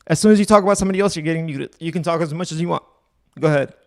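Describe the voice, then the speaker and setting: A man's voice: on the high side, racing, gravelly, a little mellow. A man hosting a live stream, arguing with a caller in a taunting, mocking way. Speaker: livestream host. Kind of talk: heated live stream argument.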